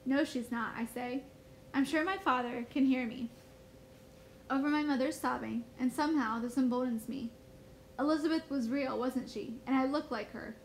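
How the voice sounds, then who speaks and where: A woman teacher reading a first-person novel aloud in a steady storybook manner. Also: high voice, normal speed, a little hiss or hum, rough recording.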